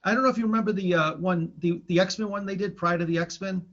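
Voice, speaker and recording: Rambling man with a slightly high voice. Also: steady tone, fast, fairly bright tone. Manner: rambling, many restarts and fillers. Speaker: podcast co-host. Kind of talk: casual chat about old cartoons. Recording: dull lo-fi sound.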